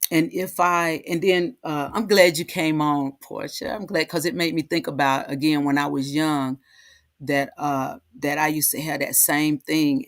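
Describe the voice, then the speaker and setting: A woman hosting a heartfelt, casual talk, halting and repeating herself, often asking "right?". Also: deep voice, no echo, studio quality. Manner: halting, repeats words, frequent "right?" tags. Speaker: host.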